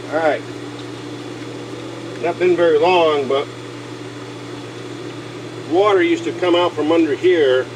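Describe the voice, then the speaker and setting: A man's voice: a little high, takes it slowly, long pauses, background noise. Older man, folksy backyard DIY talk. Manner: folksy, grumbling, talks to himself while working. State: out of breath at times. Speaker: DIY video host. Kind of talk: casual how-to vlog narration. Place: outdoors by a backyard pool.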